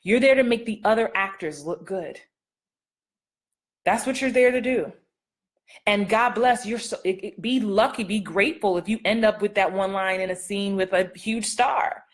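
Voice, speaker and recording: A woman's voice: mid-range voice, normal speed. A middle-aged woman acting coach giving casual live-stream advice, playful and sassy, laughing often and acting out line readings.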